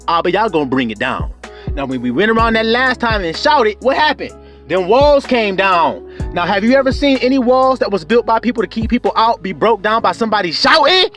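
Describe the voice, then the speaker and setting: Fervent high-voiced male preacher. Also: sing-song, brisk, faint music behind. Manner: fervent, call-and-response preaching with whoops and shouts. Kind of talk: sermon.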